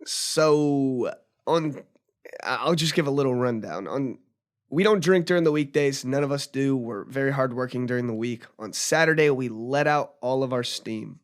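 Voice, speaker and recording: A man's voice: medium pitch, moderate pace. A young man telling a story casually as a podcast guest, rambling with lots of fillers and restarts. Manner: rambling, filler-heavy retelling with frequent restarts.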